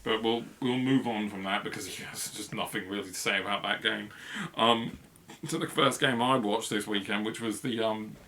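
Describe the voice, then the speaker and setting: A man's voice: on the low side, steady tone, normal speed, pushed and bright, a little hiss or hum. A man co-hosting a football review podcast, chatting casually and rambling with lots of fillers and laughs. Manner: rambling, filler-heavy, laughs mid-sentence.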